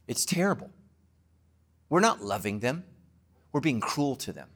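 A man, a pastor, preaching an emphatic sermon to his congregation and closing with a quiet prayer. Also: medium pitch, sing-song, unhurried.

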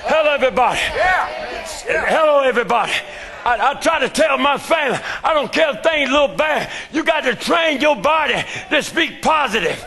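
An older man preaching a fervent sermon in a church, shouting his lines and calling out to the congregation. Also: very high-pitched, animated, normal speed, gravelly.

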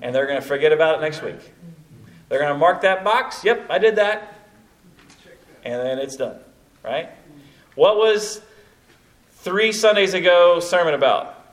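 High-voiced man telling lively church training stories. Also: moderate pace, long pauses. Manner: storytelling, animated, many asides like "you know, kind of thing". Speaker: evangelism trainer. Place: church meeting room with a live audience.

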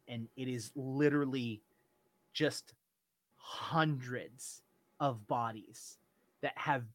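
A man narrating a tabletop game as game master, describing scenes deliberately. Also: medium pitch, a bit bright, no echo. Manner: deliberate, descriptive, some restarts.

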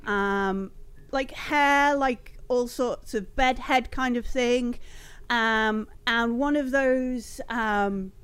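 A woman's voice: a little high, extremely slow, a bit bright, clean tone. A woman narrating a tabletop game as game master, rambling with many fillers. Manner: rambling, full of ums and laughs.

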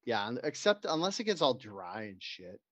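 A man chatting on a podcast, cracking crude jokes and riffing through silly stories. His voice sits at a middle pitch. The recording is dry and a little dull and lo-fi. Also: sing-song, normal speed, dry recording. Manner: crude, joking storyteller who puts on voices. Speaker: podcast co-host. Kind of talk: casual podcast banter.

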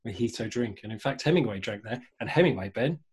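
A man's voice: fairly low pitch, expressive, darkish tone, breathy edge. A man, co-hosting a casual chat, often stumbling and restarting his words. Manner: halting, stumbles over words. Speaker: co-host.

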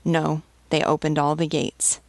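A woman's voice: sits low, flat delivery, unhurried, gravelly, dry recording. A woman voicing a shabby, white-haired old male beggar who speaks plainly and steadily. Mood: steady.

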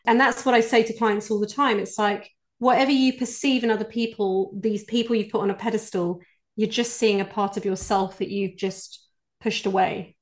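A British woman, a voice coach, answering interview questions in an earnest, explanatory way. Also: medium pitch. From United Kingdom. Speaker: executive voice coach, guest.

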